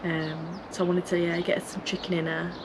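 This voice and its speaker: A woman's voice: fairly low pitch, flat delivery, normal speed, background noise. A woman narrating her own vlog in a chatty, rambling way, with many fillers and self-corrections. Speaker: vlogger. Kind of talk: casual voice-over commentary.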